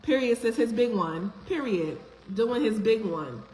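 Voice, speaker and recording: A woman's voice: fairly high pitch, expressive, measured pace, darkish tone. A woman hosting a live stream, chatting casually, greeting viewers one by one by name in an affectionate, upbeat way. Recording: echoey room with faint background noise.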